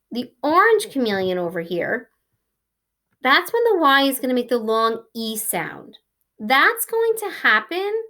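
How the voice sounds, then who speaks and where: A woman teaching a first grade phonics lesson, slowly and clearly sounding out words for young children. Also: sits high, a bit bright.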